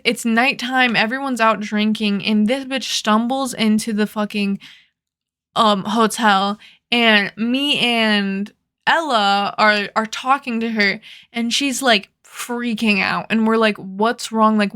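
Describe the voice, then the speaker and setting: A woman's voice: fairly high pitch, fairly bright tone. A young woman telling a rambling, profane story in a casual storytime chat, full of "like" fillers. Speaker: vlogger.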